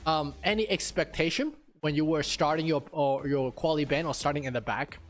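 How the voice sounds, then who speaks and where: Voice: medium pitch, a little fast, faint music behind. A co-host on a racing livestream, asking questions and musing casually with some hesitation. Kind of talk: livestream co-hosting.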